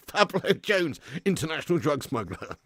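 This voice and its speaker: A man's voice: fairly high pitch, big pitch swings, unhurried, a bit bright, no echo, clean studio sound. A man with a casual, laughing manner hosts a football watch-along stream, swearing freely and reading viewers' messages aloud. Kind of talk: casual live-stream chat.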